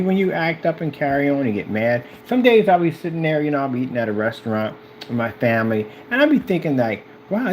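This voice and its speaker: Man ranting with a lively, swooping pitch. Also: a little hiss or hum. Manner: repetitive, confrontational and mocking. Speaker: business owner. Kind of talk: ranting to the camera.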